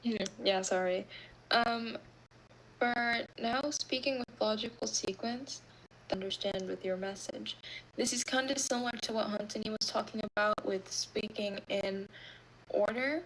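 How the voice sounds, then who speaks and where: A woman's voice: mid-range voice, unhurried, a little hiss or hum, rough recording. Woman teaching with easy fillers. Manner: relaxed, explanatory with fillers. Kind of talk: online class teaching.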